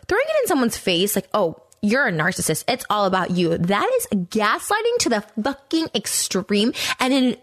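Fast-talking, profane woman podcast host. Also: no room sound, clean studio sound. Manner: blunt, profane, rambling with many fillers; animated, pitch jumping high when worked up. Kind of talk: casual commentary monologue.

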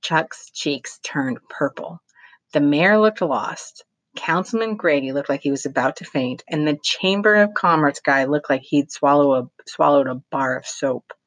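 A woman's voice: deep voice, expressive, normal speed, no room sound. A woman, a teacher, reading a novel aloud expressively and adding brief asides of her own.

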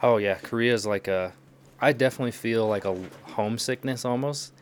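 A man's voice: medium pitch, a little fast, a little hiss or hum. A young man from the United States chatting casually and telling stories, laughing often as he talks. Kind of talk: casual chat.

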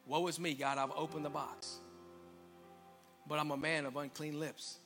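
A man preaching a sermon as pastor, swelling to emphatic peaks and dropping to hushed lines. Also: on the high side, flat delivery, unhurried, pauses often, soft background music. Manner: preaching with rising, emphatic swells and quiet drops. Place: church sanctuary.

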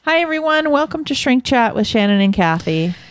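A woman's voice: fairly high pitch, very animated, fairly quick, soft background music. A woman hosting a casual chat podcast, talking in a playful way and laughing often. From California. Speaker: podcast host.

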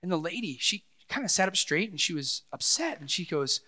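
Animated high-voiced male pastor preaching. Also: fairly quick, breathy edge. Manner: animated preaching, swinging from loud to hushed. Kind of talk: sermon.

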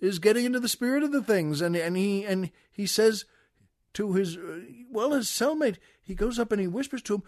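An older American man hosting a comedy show, telling a long joke with folksy, chuckling asides in a relaxed way. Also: sits high, brisk, dry recording, studio quality. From United States. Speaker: podcast host. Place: studio.

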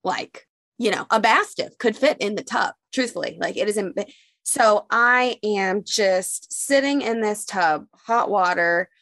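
A young woman tells a personal story in casual talk-show chat, with a gravelly rasp running through her speech. She is animated and jumps into raised voices when quoting people. The sound is dry and close. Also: medium pitch, unhurried, no echo. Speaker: podcast co-host.

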